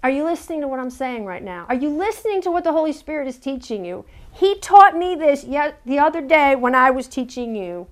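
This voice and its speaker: A woman's voice: high voice, big pitch swings, brisk, hardly any pauses. A woman preaching a sermon in an earnest way, often repeating words as she searches for them and asking her listeners direct questions.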